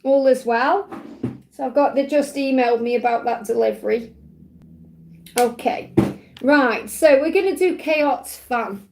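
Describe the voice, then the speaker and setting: Woman, high voice, live spiritual reader, chatty and reassuring. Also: unhurried, gravelly, pauses often, noisy background. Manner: chatty, reassuring, keeps checking in with "okay?". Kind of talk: casual livestream reading.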